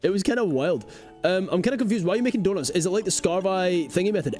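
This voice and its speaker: A young man chats through a live game stream, jumping from story to joke and talking straight to his viewers. His voice swings widely in pitch, animated and loose, with a faint bed of music under him. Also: fast talker. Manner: animated, rambling, jokey, talks to chat. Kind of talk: live gameplay commentary.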